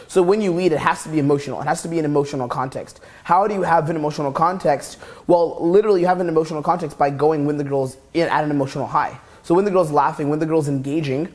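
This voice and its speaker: A young man giving a recorded coaching lecture, brash and profane, talking in rapid bursts. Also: fairly high pitch, fairly even intonation, a little mellow. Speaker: dating coach. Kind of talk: instructional course lecture.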